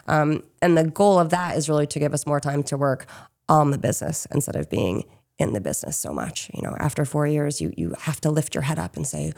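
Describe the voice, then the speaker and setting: Low-voiced chatty woman business owner. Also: lively intonation, a little fast, creaky, darkish tone. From Chester County, Pennsylvania. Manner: chatty, frequent "um" and "you know". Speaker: small business owner, interview guest. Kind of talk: casual interview answers.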